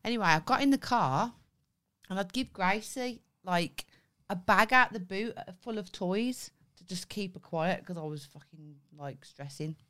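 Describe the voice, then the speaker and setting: A woman's voice: mid-range voice, expressive, unhurried, fairly bright tone. A young woman on a casual podcast, telling a story in a chatty way, swearing freely and often asking "right?". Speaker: podcast co-host. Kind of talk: casual chat.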